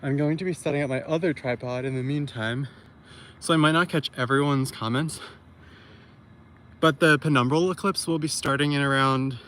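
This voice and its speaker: A man's voice: mid-range voice, fairly even intonation, moderate pace, fairly bright tone, slight background noise. A man hosting a live stream outdoors on a hill at night, out of breath and chatting casually while he sets up his gear. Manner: chatty, thinking aloud while setting up gear. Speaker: livestream host.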